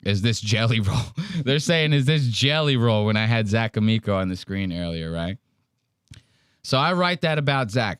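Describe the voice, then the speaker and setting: A man's voice: lowish voice, moderate pace, smooth, dry recording, clean studio sound. A man hosting a casual podcast, telling a story in a profane, mocking way. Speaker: podcast host.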